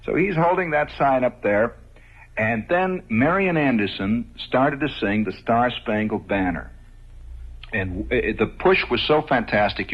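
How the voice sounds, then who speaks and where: A man with a husky, slightly rough voice spins a rambling radio monologue full of conversational asides and little chuckles. The sound is dull and lo-fi, like an old radio recording. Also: mid-range voice. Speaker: radio host. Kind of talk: storytelling monologue.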